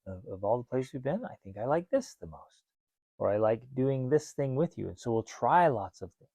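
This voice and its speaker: Animated man on a dry podcast mic. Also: mid-range voice, normal speed, slightly rough, no echo. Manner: animated, acts out quoted dialogue. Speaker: podcast co-host. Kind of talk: casual parenting podcast chat.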